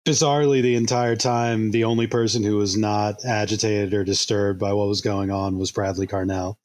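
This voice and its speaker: A man on a podcast adding to a joke story in a measured, mock-serious way. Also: fairly low pitch, fairly even intonation, a little mellow. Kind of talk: casual comedic chat.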